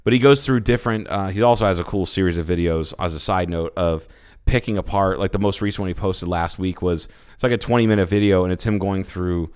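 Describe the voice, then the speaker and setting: A man co-hosting a podcast, chatting casually with animated, profane, rambling enthusiasm. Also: low voice, fast, clear, resonant tone. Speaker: podcast co-host. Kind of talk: casual chat.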